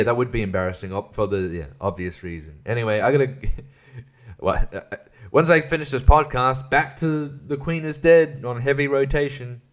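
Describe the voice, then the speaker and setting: Profane man ranting solo. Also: medium pitch. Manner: profane, irreverent, laughs mid-sentence. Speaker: podcast host. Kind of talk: casual solo podcast rant.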